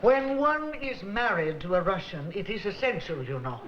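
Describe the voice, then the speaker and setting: A woman's voice: medium pitch, lively intonation, normal speed, lightly acted. An actress playing a fussy self-important older woman. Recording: echoey old TV audio, dull and hissy.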